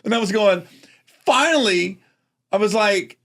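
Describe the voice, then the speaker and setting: A man with a fairly high voice that leaps up and down as he tells a story on a casual podcast. He acts out other people's voices along the way and breaks into laughter often. He is a lively, animated guest. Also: a little slow. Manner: laughs often while talking.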